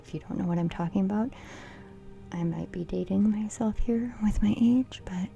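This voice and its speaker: A middle-aged woman doing a casual card reading, playful and giggly, often dropping into a soft whisper. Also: mid-range voice, normal speed, creaky, highs cut off, soft background music. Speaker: tarot reader.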